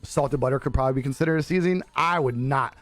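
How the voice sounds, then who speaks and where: A man's voice: mid-range voice, fast talker, dry recording. A young man live streaming, chatting casually with his viewers, laughing often and swearing easily. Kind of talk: casual chat reading viewer comments. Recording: dry close sound with faint music behind.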